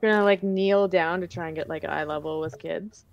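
A woman's voice: on the low side, steady tone, normal speed, muffled recording, a little hiss or hum. A woman playing a tabletop game in character, with laid-back, casual slang. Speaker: player.

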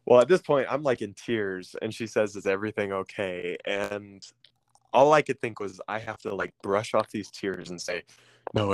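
Halting low-voiced man, dry close sound. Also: no echo. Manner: halting, with frequent ums and restarts. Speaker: guest sharing a personal story. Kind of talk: candid personal storytelling.

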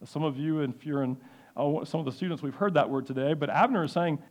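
A man giving a sermon-style Bible lesson, halting with many fillers and restarts. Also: on the high side, darkish tone. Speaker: Bible teacher.

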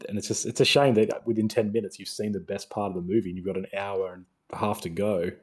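A man's voice: lowish voice, fairly even intonation, fast, slightly rough. A young man ranting sarcastically in a casual film review chat. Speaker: podcast co-host.

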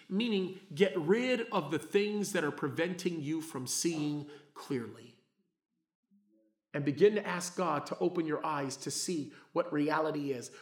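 A middle-aged man preaching a sermon as a pastor, talking in a casual, conversational way and swinging between loud, emphatic passages and hushed asides. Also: on the high side. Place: church hall. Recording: roomy church echo.

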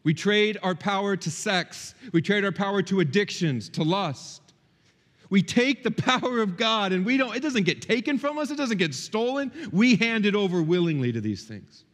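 A middle-aged male pastor preaching a sermon in a church, impassioned, swinging between loud peaks and quiet, intimate stretches. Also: high voice, animated, normal speed, long reverb tail. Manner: impassioned, rising and dropping sharply for emphasis. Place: church hall.

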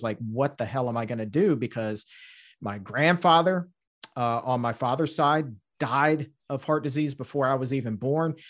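Lively, high-voiced man telling a story. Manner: lively, acts out quotes with big pitch jumps. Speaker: podcast host telling his story. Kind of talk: animated personal storytelling.

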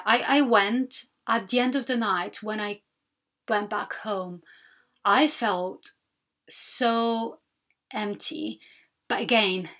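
A woman's voice: mid-range voice, fairly bright tone. A woman hosting her own podcast, talking alone in a candid, reflective way and often restarting her sentences. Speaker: podcast host. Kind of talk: solo podcast monologue.

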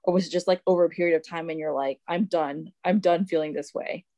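A woman hosts a casual podcast, chatty and enthusiastic, peppering her questions with fillers. Her voice sits low, with a gravelly fry, and sounds dry and close to the mic. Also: steady tone, quick pace, mellow, dry recording. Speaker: podcast host.

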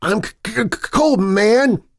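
A man voicing a scared teenage boy in a horror story reading, raising his voice into a higher, strained boyish tone. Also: lively intonation, a little slow.

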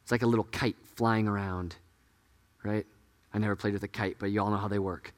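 A man preaching a sermon as pastor, earnest and conversational, often dropping to hushed tones. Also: fairly low pitch, steady tone, fairly quick. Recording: echoey hall.

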